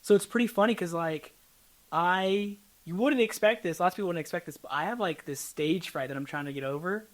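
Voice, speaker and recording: Fast and chatty, this young American man talks in a quick, relaxed interview voice. He tells stories with bounce, slipping into the voices of people he quotes. He sounds like a casual guest in a conversation. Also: high voice. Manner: animated storytelling, acts out quoted people. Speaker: content creator guest.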